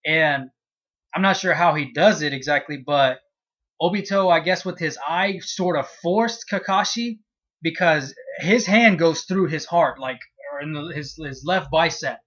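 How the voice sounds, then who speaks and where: A man's voice: fairly high pitch, unhurried, muffled recording. A man casually reviewing a comic chapter, cursing freely and acting out his reactions as he retells it. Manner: profane, animated retelling with acted-out reactions. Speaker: manga reviewer.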